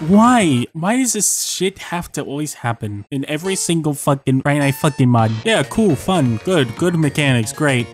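A young man playing a rhythm game at home, swearing, ranting and repeating himself when he keeps losing. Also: on the high side. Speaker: gaming YouTuber. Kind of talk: profane frustrated gameplay commentary. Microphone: desk mic, sometimes moved away. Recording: faint game music behind.

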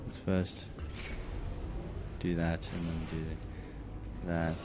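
A gameplay commentator with a deep voice mutters along to his game in a completely flat delivery, drawing out his words, then bursts into sudden outrage. Background noise is audible.

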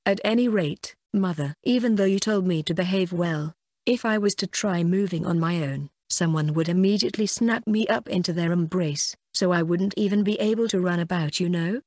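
A woman narrates a first-person light novel audiobook in a fairly low voice, with a dry and wry tone. The recording is close and dead, with no room sound at all. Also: darkish tone, dry recording.

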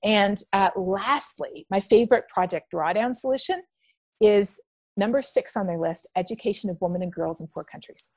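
A middle-aged woman from Canada, a podcast guest telling stories in a lively conversational way. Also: medium pitch, moderate pace, dry recording. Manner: animated storyteller acting out quoted dialogue.

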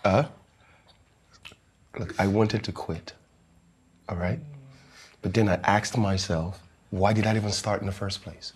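An actor playing a visiting film actor who calmly encourages a young woman, dropping casual slang. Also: fairly low pitch, unhurried, long pauses, breathy edge. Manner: calm, reassuring, casual American-style slang. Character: famous male actor visiting, encouraging mentor. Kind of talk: comedy series acting.

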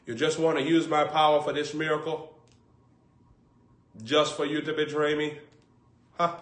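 High-voiced preacher in an echoey room. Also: male voice, moderate pace, pauses often. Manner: animated, shouts and acts out scenes. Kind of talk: comedic sermon with acted bits.

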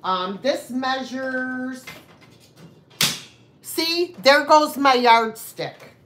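A woman's voice: high voice, animated, drawn-out words, noisy background. A woman hosting a live online sale, chatting casually with buyers and making rambling, self-deprecating asides. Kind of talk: casual live-stream selling chat.

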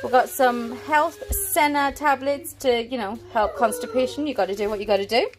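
The voice is a woman's, a little high and at a moderate pace, with noise in the background. Indoors at her family home, this thirtysomething family vlogger chats her way through a grocery haul, rambling and often trailing off mid-sentence.

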